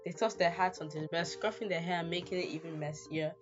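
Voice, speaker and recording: Low-voiced woman playing a game. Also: fairly even intonation, fast, muffled recording, music in the background. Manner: playful asides with laughter. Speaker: gamer. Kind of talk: let's play, reading a visual novel aloud.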